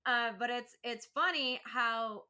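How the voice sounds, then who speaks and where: A woman's voice: on the high side, slow, sharp tone. A young adult woman co-hosting a podcast in casual chat, blunt, swearing freely and laughing often. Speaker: podcast co-host.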